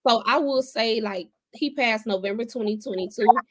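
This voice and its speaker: A woman's voice: a little high, normal speed, background noise. A young adult woman speaking as a podcast guest, telling her personal story in a candid, conversational way and repeating phrases for emphasis.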